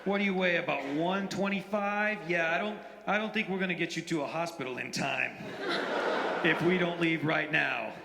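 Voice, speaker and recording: A man voicing a calm adult male jungle guide who speaks slowly and with gentle, ominous concern. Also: a little high, vocal fry, echoey room, heavy background noise, voice pushed up.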